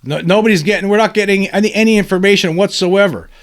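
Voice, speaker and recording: A male host giving news commentary, ranting with halting restarts and repeated questions, building to angry shouting. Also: sits high.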